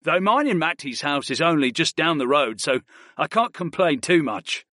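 A man reading a big, ox-like summoner, laid-back and chuckling, in a fantasy audiobook. The pitch stays lively and the read is dry and close. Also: normal speed, no echo. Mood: easygoing. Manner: relaxed, chuckling. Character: huge, ox-like young male summoner, easygoing and tired.

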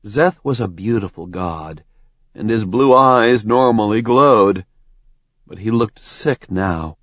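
A man narrating a dark fantasy novel in a measured, even reading. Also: fairly low pitch, no echo, lo-fi sound. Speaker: audiobook narrator.

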